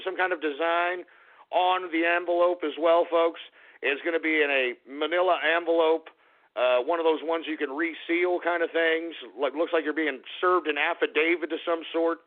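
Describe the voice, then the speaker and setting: Hoarse, ranting radio host. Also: male voice, fairly high pitch. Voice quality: strained, fading voice. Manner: loud, profane and exasperated. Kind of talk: ranting call-in radio talk. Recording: phone-like lo-fi radio audio.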